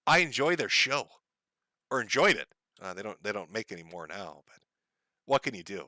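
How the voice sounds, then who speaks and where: This is casual live-stream chat from a middle-aged man who reads donations, curses liberally, and cracks wry jokes he laughs at himself. He speaks at normal speed in a lowish voice with big swings in pitch, bright and forceful. There's no room sound, and the audio is studio quality.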